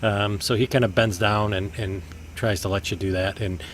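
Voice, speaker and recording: A man narrating a tabletop game as game master, relaxed and full of fillers. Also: on the low side, moderate pace.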